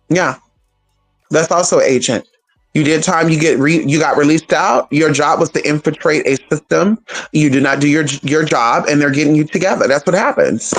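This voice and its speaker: A man hosting his channel, ranting in a sassy, profane, swooping and emphatic way. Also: on the high side. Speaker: channel host. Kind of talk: casual rant to camera.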